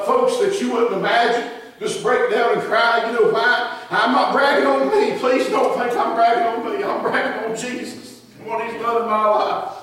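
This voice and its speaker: A man's voice: very high-pitched, fairly bright tone. Man, sermon, fervent, heavy echo, distant mic. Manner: fervent, repetitive storytelling. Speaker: preacher. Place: church. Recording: echoey hall, distant mic.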